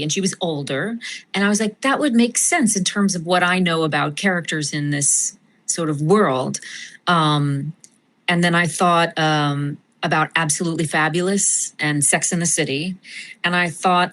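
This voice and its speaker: A woman guest in a casual interview, animated and self-mocking, often laughing as she talks. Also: lowish voice, normal speed. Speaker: guest actress.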